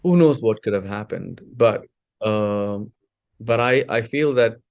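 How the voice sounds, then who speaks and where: Guest voice: man in his forties from India, low and gravelly, chatty storyteller with plenty of fillers. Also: slow pace. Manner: animated storyteller, many fillers and restarts. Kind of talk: casual interview storytelling.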